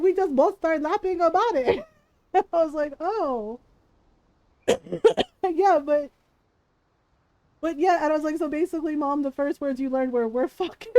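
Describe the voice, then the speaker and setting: A woman streaming from home, a native Tagalog speaker, telling a family story in casual chat, animated, laughing often and swearing freely. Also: sits high, no echo, rough recording. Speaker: livestream host.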